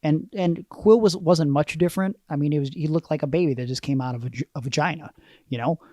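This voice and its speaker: A man's voice: on the high side, fairly quick, dark tone, no room sound. Rambling self-mocking man, dry close mic. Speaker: podcast co-host. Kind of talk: casual chat.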